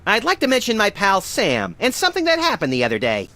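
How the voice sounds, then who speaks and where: A woman's voice: mid-range voice, wildly swooping pitch, fast, sharp tone, heavily acted. A performer voicing a vain, manic little male rabbit-like creature who talks brashly about himself in a game. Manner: brash, self-important, sardonic.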